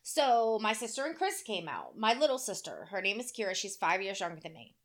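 A woman's voice: medium pitch, sing-song, brisk. A woman in her thirties co-hosting a casual chat, telling a brash story full of curses and acted-out quotes. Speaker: podcast co-host.

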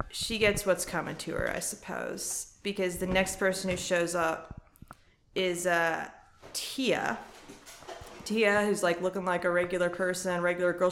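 A woman's voice: on the low side, a bit bright, a little hiss or hum. Swearing chatty woman, echoey room. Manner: frank, swears freely, jokey impressions. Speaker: podcast co-host. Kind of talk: casual chat recapping a reality show.

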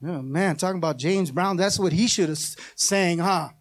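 A man preaching a sermon as pastor, with call-and-response and passages that climb into shouted, half-sung pleas. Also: high-pitched, moderate pace.

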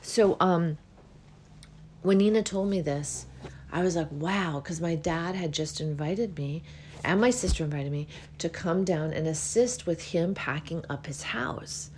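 A slightly low-voiced woman hosts a spiritual podcast in a loose, meandering monologue. She yawns often as she talks and keeps an easy, unhurried flow. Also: a little hiss or hum. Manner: yawns often while talking, relaxed and meandering. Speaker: podcast host.

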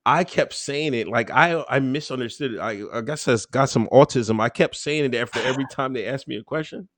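A man's voice: mid-range voice, a little fast, fairly bright tone, no room sound, clean studio sound. A man talking casually as an interview guest, rambling with lots of fillers and easy laughs. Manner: laid-back, rambling, full of fillers and laughs.

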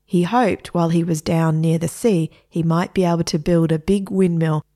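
A woman with an Australian accent reading a children's story aloud in a relaxed, chatty way. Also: on the low side, normal speed. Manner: relaxed, conversational reading with asides.

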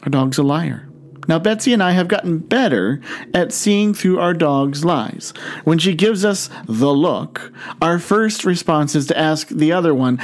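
Male pastor, fairly high voice, storytelling sermon, drawn-out words for emphasis. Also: animated.

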